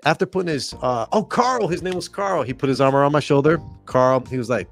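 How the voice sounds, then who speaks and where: A man's voice: a little high, a little fast, hardly any pauses, faint music behind. A young man casually telling a story on a podcast, acting out the voices of the people in it and laughing often. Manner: animated, acts out quoted voices, laughs often. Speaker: podcast storyteller, former club DJ.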